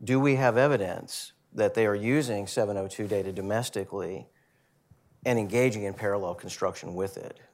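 A man's voice: fairly low pitch, fairly quick, a little mellow. A man moderating a panel, calling on the audience and asking clarifying questions.

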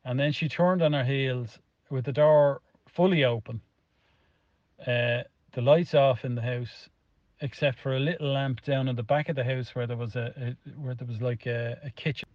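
A man's voice: medium pitch, fairly even intonation, normal speed, no room sound, lo-fi sound. A middle-aged Irish man telling a rambling anecdote in a casual voice, swearing constantly. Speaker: storyteller in a played clip.

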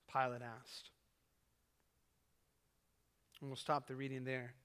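A male pastor preaching a sermon at a live church service, building to loud emphasis and reading a poem with dramatic force. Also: mid-range voice, completely flat delivery, moderate pace, hardly any pauses. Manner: preaches with rising emphasis, reads poetry dramatically. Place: church sanctuary. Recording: live church service with long hall reverb.

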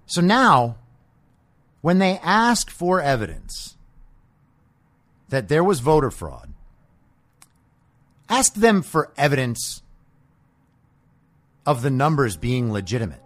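A man's voice: medium pitch, big pitch swings, takes it slowly, long pauses, a bit bright. A man hosting a political podcast, delivering a combative, profane monologue full of sarcastic rhetorical questions. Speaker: podcast host.

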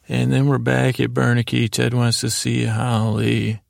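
A man hosting a sleep podcast, retelling a show's episode in a meandering, halting way with many fillers. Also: medium pitch, level tone, gravelly, no room sound, studio quality. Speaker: podcast host. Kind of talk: rambling sleep-podcast recap.

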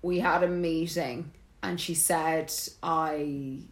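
Irish gal co-hosting a chatty podcast, kinda low voice, acts out everyone she quotes. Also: takes it slowly. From Ireland. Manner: animated storytelling, acting out quotes. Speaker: podcast co-host. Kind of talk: casual chat.

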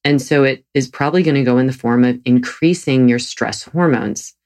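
A podcast host and physical therapist, talking earnestly and reflectively about yoga and wellbeing, often pausing to restart sentences. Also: medium pitch, darkish tone. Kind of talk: solo motivational podcast talk.

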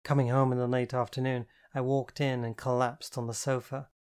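A woman's voice: very deep voice, little pitch movement, normal speed, a little mellow. A woman narrating a first-person novel in a wry, fretful manner. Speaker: audiobook narrator.

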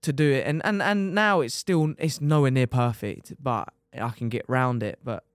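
A young man with a twang tells a racing crash story in a smooth, clear voice. He talks in a lively, casual way, swears freely and keeps calling the listener "mate". The sound is dry and close, with no room echo. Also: mid-range voice, moderate pace. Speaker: podcast guest, motorcycle racer.

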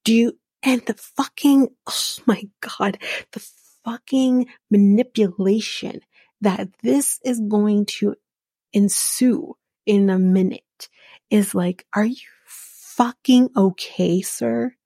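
A woman's voice: mid-range voice, slow, mellow, husky, no room sound, clean studio sound. A young adult woman hosting a casual podcast recap and commenting bluntly, with profanity and indignation. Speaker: podcast host.

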